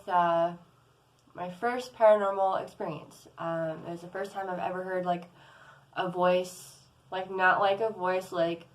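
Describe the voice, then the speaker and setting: A woman's voice: fairly low pitch, rough recording. Young woman vlogging, rambly story, tons of fillers and restarts. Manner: rambling, lots of "like" and "um", restarts often. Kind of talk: casual storytelling to camera.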